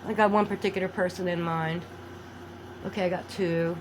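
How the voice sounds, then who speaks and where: A woman vlogging a rambling monologue, animated, swinging between loud outbursts and low mutters. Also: moderate pace, slight background noise, rough recording.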